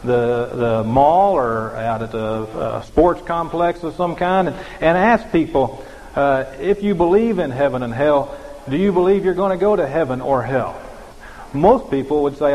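A man's voice: on the high side, expressive, measured pace, darkish tone, in a large hall, poor audio. A man preaching a sermon as pastor, in a conversational way with many fillers and restarts.

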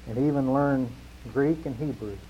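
A man's voice: mid-range voice, moderate pace, a little hiss or hum. Emphatic preaching man, muffled recording. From New Mexico, USA. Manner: emphatic preaching with rhetorical repetition, swinging between loud and hushed. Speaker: pastor. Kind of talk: sermon.

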